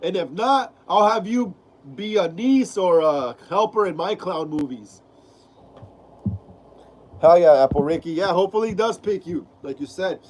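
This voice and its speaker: A man's voice: sits high, lively intonation, moderate pace, a little mellow, a little hiss or hum, poor audio. A man hosting a horror film live stream, sick with a clogged nose that makes him sound stuffy and nasal. He reads out viewer comments in a laid-back, slangy way, repeating his phrases and calling viewers "bro.".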